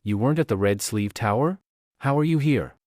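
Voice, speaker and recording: A man's voice: mid-range voice, lively intonation, a little fast, a little mellow, no room sound, clean studio sound, close to an everyday voice. A man voicing a frightened young woman held captive, speaking in trembling, sobbing pleas.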